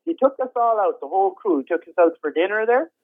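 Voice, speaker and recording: Man voicing a high-pitched, folksy older roadie who rambles into anticlimaxes, heard on a tinny phone line. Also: sing-song. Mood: rambling. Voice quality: folksy rambling with frequent chuckles. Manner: drawn-out anticlimactic storytelling. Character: rambling old male rock roadie, folksy and easily amused. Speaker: phone-in guest. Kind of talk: comedy phone interview sketch.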